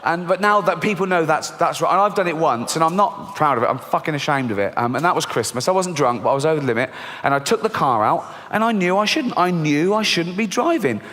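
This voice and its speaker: A man in his fifties with an English accent, performing a stand-up set in a dry, deadpan and crude manner. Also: fairly high pitch, fast talker, hardly any pauses. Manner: deadpan, dark and crude, acts out characters. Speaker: stand-up comedian. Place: theatre stage. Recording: reverberant hall, faint ambience.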